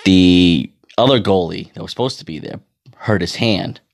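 Speaking at a normal pace with a low, fry-tinged voice, this man in his thirties, an amateur hockey goalie, rambles through a profane story as a casual monologue. He laughs frequently along the way.

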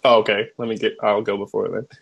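A young man co-hosting a casual podcast, retelling movie scenes with lots of laughter and loud acted-out quotes. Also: lowish voice, flat delivery, fast talker, creaky, breathy edge. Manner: laughs often, acts out quotes in a raised voice. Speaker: podcast co-host.

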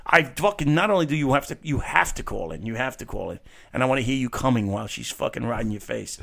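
A man's voice: mid-range voice, expressive, fast talker, vocal fry. A man hosting a call-in show with casual banter, cursing often and joking crudely. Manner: profane, loud, crude joking. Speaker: host.

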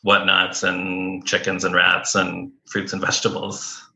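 A man's voice: low voice, completely flat delivery, unhurried, vocal fry, bright, forceful tone, poor audio. A man co-hosting an interview, asking long, rambling questions in a casual tone. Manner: eager, asks rambling questions. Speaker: podcast co-host.

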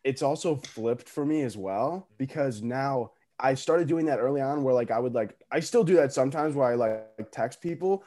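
A man's voice: mid-range voice, moderate pace, few pauses, mellow. A young man in casual podcast chat, rambling with many fillers and swearing as he tells stories. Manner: rambling, filler-heavy, profane, laughing storytelling. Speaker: podcast co-host, social media creator.

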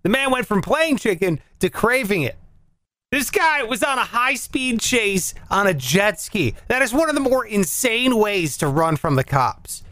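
A comedy show host delivering a jokey monologue, animated and quick to switch into silly voices. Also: mid-range voice, no room sound. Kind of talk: comic monologue.

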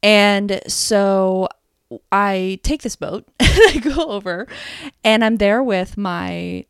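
A woman in her thirties, a podcast co-host, talking in a reflective, hesitant way with many pauses and ums. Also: mid-range voice, creaky, clear, resonant tone, no room sound, studio quality. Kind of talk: casual chat.

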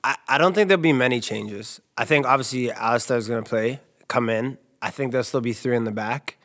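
A young man from Canada co-hosting a casual soccer talk show, telling stories with lively quoted voices. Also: mid-range voice, a little fast. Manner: animated storyteller, jumps into quoted voices. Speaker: co-host and soccer analyst. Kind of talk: casual sports chat.

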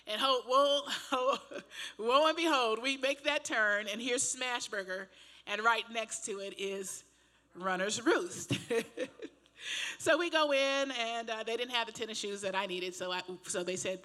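An older woman pastor preaching a sermon, telling a personal story in a chatty, animated way with laughs and asides. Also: fairly high pitch, normal speed. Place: church.

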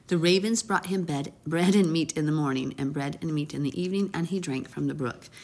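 Breathy woman reading and musing on scripture. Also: low voice, brisk. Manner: warm, chatty, reads scripture with brief emotive asides. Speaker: Bible teacher. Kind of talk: casual Bible reading and commentary.

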